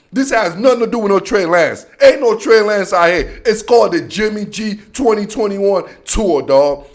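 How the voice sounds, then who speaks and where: A man hosting a casual sports show, making playful, slangy predictions about the coming season. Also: high-pitched. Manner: playful trash talk with slang. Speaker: sports podcast host.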